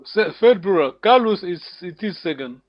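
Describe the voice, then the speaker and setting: A man teaching an online language lesson, patient and encouraging, repeating words slowly for his students. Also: high-pitched, lively intonation, no room sound. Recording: dull lo-fi call audio.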